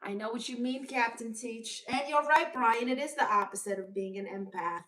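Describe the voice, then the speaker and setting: A woman's voice: fairly high pitch, normal speed, a bit bright, slight background noise. A woman from Brooklyn with a Brooklyn accent, hosting a casual livestream and answering viewer comments in a blunt, sassy, unapologetic way. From Brooklyn, New York. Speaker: livestream host.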